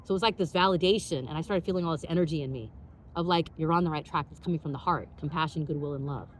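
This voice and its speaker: A woman hosting her own show, telling a personal story in an animated way, full of "like" fillers and acted-out dialogue. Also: sits low, very fast, slight background noise. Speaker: podcast host.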